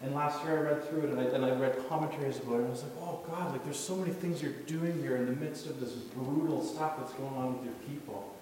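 A man preaches in a relaxed, conversational way, acting out the people in his stories. His voice rings through a large, echoing hall and is picked up from some distance. There is a faint hiss in the background. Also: medium pitch, fast. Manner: casual, storytelling, acts out quotes. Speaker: youth pastor. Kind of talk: sermon. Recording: echoey hall, distant mic, faint noise.

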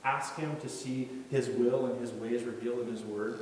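A man's voice: mid-range voice, steady tone, moderate pace, few pauses, a little mellow. A man preaching a casual, story-filled sermon as a youth pastor, acting out quoted voices. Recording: echoey hall, distant mic, faint noise.

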